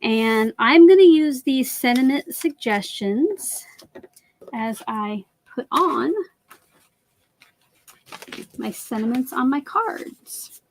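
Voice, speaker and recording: A woman's voice: sits high, lively intonation, slow, pauses often. A woman hosting a live crafting stream who stands while she works and chats to viewers as she walks them through each step. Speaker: crafting channel host.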